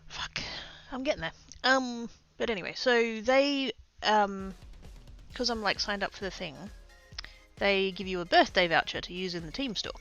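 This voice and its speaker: A woman's voice: medium pitch, normal speed, a bit bright, faint music behind. A woman with an Australian accent chatting casually on a live stream, rambling, laughing often and swearing casually.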